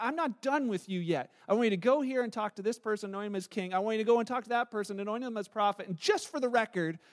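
A man in his thirties preaching a sermon, telling a scripture story with animated delivery and acted-out quotes. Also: high voice. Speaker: pastor.

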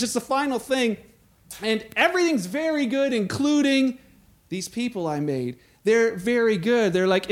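A pastor giving a conversational sermon, acting out the scripture he quotes with playful asides. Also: extremely high pitch.

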